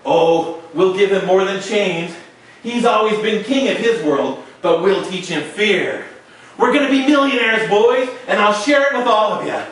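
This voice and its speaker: A man's voice: high-pitched, measured pace, fairly bright tone, very echoey, recorded from a distance, low-quality recording. Carl Denham, a man voicing a boastful showman. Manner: boastful, grand. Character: brash boastful male showman filmmaker.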